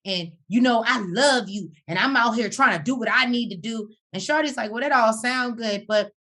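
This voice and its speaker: Sassy, animated woman recapping a show. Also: a little high, moderate pace. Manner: animated, sassy, breaks into song and laughter. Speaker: podcast co-host. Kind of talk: casual reality-show recap.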